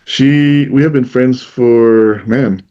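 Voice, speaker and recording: A man in a relaxed podcast chat, telling a long story and repeating what friends told him at a middle pitch. The sound is a little dull and lo-fi. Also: slow pace. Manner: storytelling, retells what others said in their voice. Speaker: podcast co-host. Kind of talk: casual conversation.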